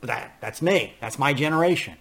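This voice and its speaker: A man's voice: mid-range voice, expressive, fairly quick, fairly bright tone, husky. An older man hosting a political podcast, ranting bluntly in a casual, profane monologue and laughing at his own stories. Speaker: podcast host.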